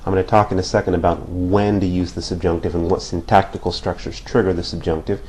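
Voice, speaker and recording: Male language teacher, lower register, patient whiteboard explainer. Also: little pitch movement, quick pace, darkish tone, slight background noise. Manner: patient, repeats points with frequent "okay?" checks. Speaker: Spanish teacher. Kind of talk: whiteboard grammar lesson.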